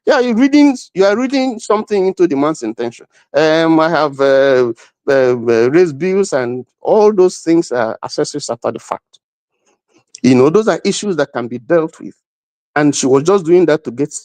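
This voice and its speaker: A man's voice: a little high, expressive, moderate pace, darkish tone, no echo. A middle-aged man, arguing emphatically as a panel guest and repeating himself. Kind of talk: heated debate.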